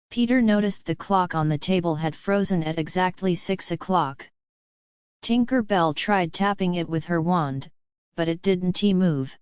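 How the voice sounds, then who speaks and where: A woman telling a bedtime story in a calm, even way, recorded dull and lo-fi. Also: lowish voice, a little slow, clear, resonant tone, no room sound.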